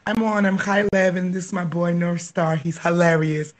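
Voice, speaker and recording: A woman from Los Angeles hosting a casual live podcast, excitable and teasing, laughing often. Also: lowish voice, moderate pace. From Los Angeles, USA. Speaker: podcast host.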